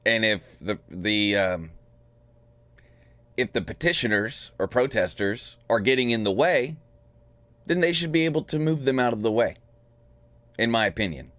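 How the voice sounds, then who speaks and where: A man co-hosting a political talk podcast, thinking out loud in a casual way. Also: medium pitch, expressive, normal speed, pauses often, no room sound. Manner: musing, thinks aloud. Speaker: podcast co-host.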